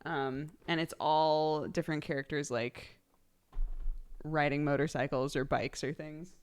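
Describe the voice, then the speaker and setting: A chatty woman streaming live, with a slightly low voice. She talks casually and giggles often between her words. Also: steady tone, measured pace, clear, resonant tone. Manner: reads out subscriber thank-yous.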